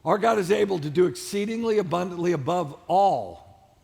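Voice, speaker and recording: A male pastor delivers an emphatic sermon in a large church auditorium, his voice high and gravelly. He drives his points home through repetition and shouted peaks, and keeps calling on the congregation to answer him. The long reverb of the hall hangs behind every line. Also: expressive, normal speed. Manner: preaching with call-and-response to the congregation.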